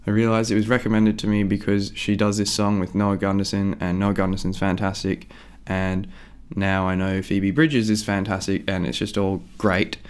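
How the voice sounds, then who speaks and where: A man's voice: lowish voice, flat delivery, moderate pace, few pauses, smooth. A young man chatting casually and rambling about a song before playing his cover, with lots of "like" and "um". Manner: rambling, easygoing, full of "like" and "um". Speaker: musician doing a cover.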